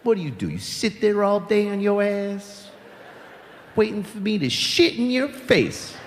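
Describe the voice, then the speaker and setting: A crude bully sneers down at his toilet in a bullying, contemptuous growl, as a man acts him out on stage. His voice jumps around in pitch. The live room behind him is noisy. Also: big pitch swings, a little slow, big-room sound.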